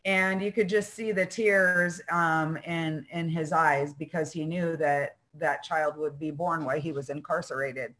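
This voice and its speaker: A middle-aged woman telling her own recovery story as a heartfelt personal testimony, halting, with fillers and restarts. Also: low-pitched, fairly even intonation, fairly bright tone, low-quality recording. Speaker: speaker sharing recovery story.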